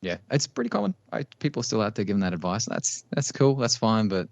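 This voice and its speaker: Low-voiced Australian male vocal coach. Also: vocal fry, dry recording, lo-fi sound. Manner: relaxed, agreeable, with quick affirmations. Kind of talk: casual chat between vocal coaches.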